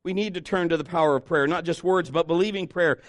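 A middle-aged man preaching a sermon at a church service, telling stories in an animated way and acting out the voices of the people in them. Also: fairly high pitch, fast, dry recording. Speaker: pastor.

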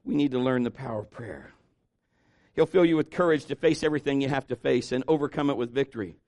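A middle-aged man preaching a sermon at a church service, telling stories in an animated way and acting out the voices of the people in them. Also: mid-range voice, fast talker, no echo. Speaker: pastor.

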